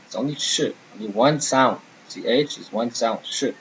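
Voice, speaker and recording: A man's voice: mid-range voice, normal speed, lo-fi sound, slight background noise. A man teaching a beginner French lesson, patiently repeating and modeling each word.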